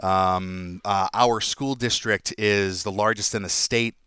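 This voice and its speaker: A man's voice: on the low side, steady tone, slow, sharp tone, clear, resonant tone, no echo, clean studio sound. A middle-aged man with a Boston accent, a podcast guest chatting casually and rambling with many filler sounds. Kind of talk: casual chat.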